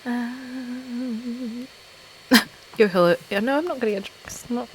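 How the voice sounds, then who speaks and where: A woman's voice: fairly high pitch, steady tone, slow pace, low-quality recording. Giggly woman chatting on a livestream. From England (Essex). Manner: giggly, chatty, self-deprecating. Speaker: ASMR channel host. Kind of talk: casual live-stream chat. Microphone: desktop microphone. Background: laptop fan noise.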